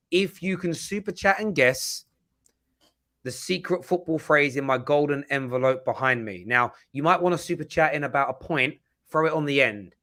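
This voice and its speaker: A man's voice: fairly high pitch, bright, forceful tone. A man hosting a football live stream in casual chat, often stumbling and repeating words.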